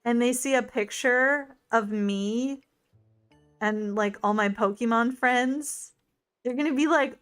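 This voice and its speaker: A woman streaming a game in casual let's-play commentary. She is chatty and excitable, and she swings between gushing and muttering to herself. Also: fairly high pitch, takes it slowly, smooth, faint music behind. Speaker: gaming streamer.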